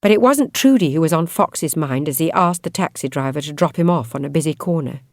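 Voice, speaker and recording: A woman reading a novel aloud as an audiobook narrator, in expressive, measured storytelling. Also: low voice, no room sound, studio quality. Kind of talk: scripted narration.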